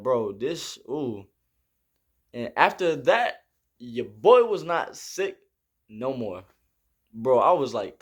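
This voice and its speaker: A young man with tells a story in a casual vlog. His voice sits a little high for a man. He talks in an animated way, acts out shouted quotes and fills his speech with "like" and "bro". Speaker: vlogger recounting army basic training.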